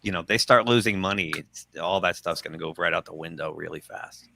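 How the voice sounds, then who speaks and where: A man's voice: low-pitched, brisk, creaky, pushed and bright. A man hosting a pop culture livestream, reading news quotes aloud with sarcastic asides. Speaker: host.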